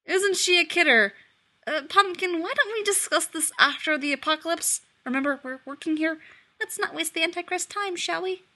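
An oily, fawning little male demon who coos pet names and covers his nerves with fake cheer, as a woman puts him on. The voice sits high and bright, pushed louder than the narration. He wheedles and flatters in a storybook reading. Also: moderate pace. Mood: forced cheer.

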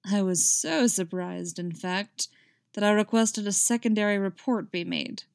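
A weary king who has run out of patience and scolds in clipped lines, read by a woman. The voice sits at a middling pitch. It is recorded dry and close, with no room sound. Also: a little slow, creaky, a little mellow, no room sound. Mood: cool, probing. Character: exasperated male king, stern and weary.

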